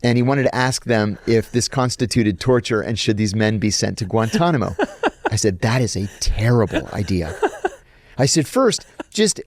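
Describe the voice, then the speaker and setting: A man's voice: medium pitch, moderate pace, no echo, clean studio sound. A middle-aged man telling a long anecdote in an interview, acting out the lines he quotes. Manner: animated anecdote teller, acts out quoted lines. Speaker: guest, former intelligence officer. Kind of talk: storytelling in an interview.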